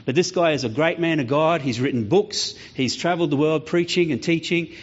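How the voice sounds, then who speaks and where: Slightly high and slightly quick, the pastor's voice carries a lively sermon full of stories and performed voices. The recording is dull-sounding lo-fi.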